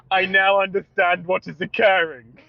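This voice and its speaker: A man's voice: sits high, gravelly, no echo, highs cut off. A man co-hosting a casual podcast chat, telling stories animatedly with frequent laughs and swearing. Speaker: podcast co-host.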